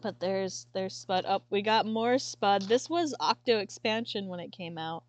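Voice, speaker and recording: A woman streamer chatting casually and haltingly, sometimes tearful and apologizing. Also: medium pitch, no room sound. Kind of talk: casual chat while showing a sketchbook.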